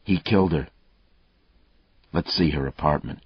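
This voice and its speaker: A man reading a story, voicing a veteran police detective who talks calmly in clipped, needling lines. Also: a bass voice, unhurried, slightly rough, no room sound, exaggerated voice. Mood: taunting. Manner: taunting, calm, clipped threats. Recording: dull, muffled dry audio.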